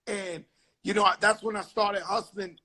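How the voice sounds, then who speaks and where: A man from the Bronx with a notably high voice chats over a phone video call. He tells street stories in a loose, animated way, swearing freely as he goes. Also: measured pace. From the Bronx, New York. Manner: animated, swearing, acts out quotes loudly. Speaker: host of a live video chat. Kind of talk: casual storytelling chat. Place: home, live video call.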